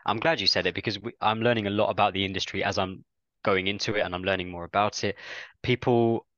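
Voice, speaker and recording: Low, bright-toned male podcast host. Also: fairly even intonation, quick pace, no room sound, muffled recording. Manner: reflective, searching for words, with restarts. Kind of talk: casual podcast chat.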